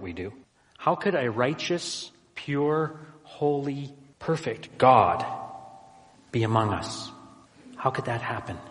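A man preaching a sermon as pastor, emphatic, slowing down on key phrases and swinging between loud and hushed. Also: medium pitch. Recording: long hall reverb.

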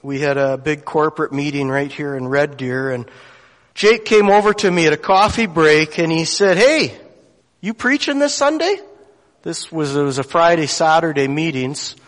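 A man's voice: a little high, fairly even intonation, moderate pace. A man, a lay preacher telling a story in a sermon with folksy, conversational asides, in a church sanctuary. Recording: long church hall reverb.

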